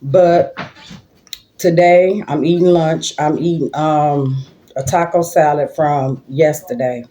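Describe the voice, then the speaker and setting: A woman's voice: deep voice, fairly even intonation, takes it slowly, mellow. An older woman, a grandmother, chatting and rambling through a story while eating lunch at home for her vlog, recorded on a phone. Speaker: vlogger. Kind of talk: casual mukbang storytelling.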